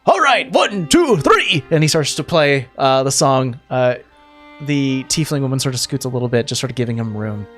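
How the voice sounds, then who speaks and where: A man's voice: mid-range voice, steady tone. Guy game mastering, casual, lots of um and uh, faint music behind. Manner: casual, halting with fillers. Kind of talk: narrating a tabletop game.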